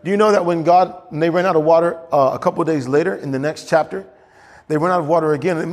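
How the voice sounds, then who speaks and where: A pastor preaching a sermon in a church, getting animated and climbing high as he acts out scripture. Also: fast talker, long reverb tail.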